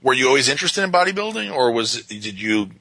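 A man interviews his guest with short, quick questions and hesitant fillers. His voice is bright and a little husky. The sound is close and dry. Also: mid-range voice, very animated, no echo.

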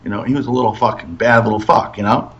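A man hosts a casual podcast conversation, asking questions and telling stories. He is animated and swears freely. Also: on the low side, quick pace, lo-fi sound. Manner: animated storyteller, acts out voices, swears freely. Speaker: podcast host.

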